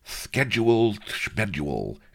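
Storybook villain: a fat, lustful nobleman, raised leering croak, gravelly, as a male narrator puts him on. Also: on the low side, big pitch swings, takes it slowly, a bit bright, voice pushed up, exaggerated voice. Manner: leering, panting, crowing. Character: portly lecherous older nobleman.

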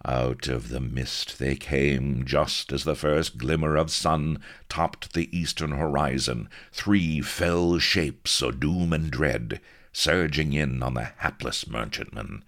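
A man reading a comic swashbuckling tale with a dry, deliberate delivery. His voice sits extremely low with a gravelly rasp, and he takes his time over every phrase. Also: a bit bright. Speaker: narrator. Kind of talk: comic audiobook narration.

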